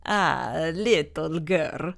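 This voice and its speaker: A woman voicing a good-humored middle-aged Italian man in a storybook, speaking slowly and gently with a put-on Italian accent. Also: sits low, lively intonation, vocal fry, voice pushed down, full character voice. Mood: amused, gentle. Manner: slow, amused, gentle.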